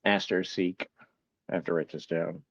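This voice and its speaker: A man with a lowish voice chats casually on a live stream, musing aloud and reading replies from his audience. He sounds bemused and mocks his own confusion. The sound is dry and a little dull. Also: steady tone, normal speed, a bit bright, no room sound. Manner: muses aloud and reads chat replies; bemused, self-mocking. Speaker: livestream host.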